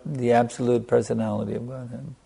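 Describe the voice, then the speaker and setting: A man giving a sermon as a spiritual teacher, stressing points by repetition and letting a soft "you see" trail off after them. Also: mid-range voice, level tone, fairly quick, creaky, husky. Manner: emphatic, repeating phrases for stress.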